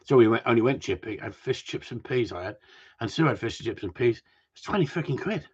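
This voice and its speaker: A man rambles and jokes to his viewers, swearing casually as he goes. His voice is husky and a little rough. The sound is dull and lo-fi. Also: medium pitch, lively intonation, brisk. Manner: rambling, swears, jokey banter. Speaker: livestream host. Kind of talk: casual chat to a live audience.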